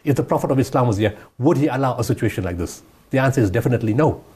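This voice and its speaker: A man's voice: medium pitch, expressive, racing, darkish tone, husky. A man giving impassioned interview answers, emphatic and repeating his points. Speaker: guest humanitarian speaker.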